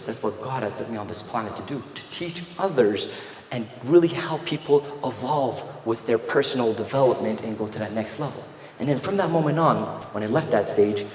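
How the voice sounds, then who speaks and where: Animated male keynote speaker, echoey hall. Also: medium pitch. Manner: animated storyteller, acts out dialogue. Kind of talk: motivational keynote speech. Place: large event hall on stage. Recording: echoey hall with long reverb, faint noise.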